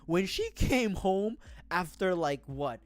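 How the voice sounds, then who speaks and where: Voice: medium pitch, animated, slow pace, no echo. A streamer from the Philippines chatting casually on a livestream, rambling, self-mocking and laughing often.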